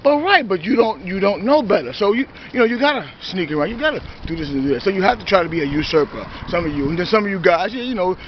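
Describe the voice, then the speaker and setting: A man's voice: high-pitched, very animated, quick pace, few pauses, slight background noise. A man giving a confrontational, preachy monologue to his viewers, full of "you know" and "see". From New York. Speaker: self-styled preacher. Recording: dull lo-fi recording.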